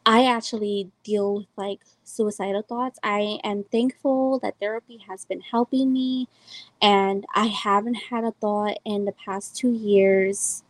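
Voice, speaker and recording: A woman's voice: medium pitch, fairly even intonation, unhurried, no echo, poor audio. A woman in her twenties from El Salvador, hosting a podcast and telling a personal story in a loose, rambling way with many fillers. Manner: rambling, heavy use of "like" and "um". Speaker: podcast host.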